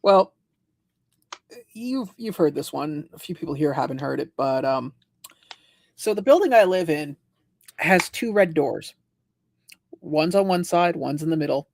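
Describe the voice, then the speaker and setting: A man's voice: on the high side, animated, measured pace, vocal fry, long pauses, a little hiss or hum. A man hosting a casual livestream chat, telling long rambling stories and acting out the people in them. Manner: rambling storyteller, acts out quoted voices. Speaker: livestream host.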